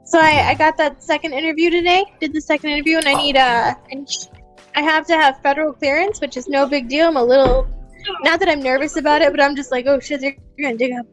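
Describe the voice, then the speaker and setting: A woman's voice: high voice, fairly even intonation, quick pace, faint music behind, rough recording. A woman co-hosting a live news stream, chatty and storytelling, with casual swearing. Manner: chatty, swears, tells stories. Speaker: podcast co-host.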